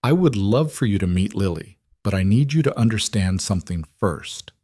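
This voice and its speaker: A man doing a steady single father, calm and protective, reassuring in a low voice. He speaks evenly, like a storybook figure, and the sound is close and dry. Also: normal speed, no echo. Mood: serious.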